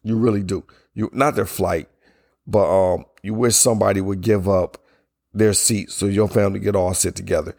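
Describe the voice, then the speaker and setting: A middle-aged man with a hoarse, worn voice, hosting a casual solo podcast and giving blunt opinions while yawning between sentences. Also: lowish voice, fairly even intonation, moderate pace, darkish tone, no echo, clean studio sound. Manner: blunt, opinionated, loose and conversational. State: hoarse, strained voice from yelling. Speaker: podcast host.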